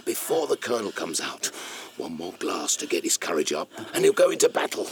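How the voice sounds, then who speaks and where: A sly cynical old gentleman. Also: low-pitched, sing-song, a little fast, a little hiss or hum. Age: older. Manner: teasing, conspiratorial. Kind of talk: radio play acting.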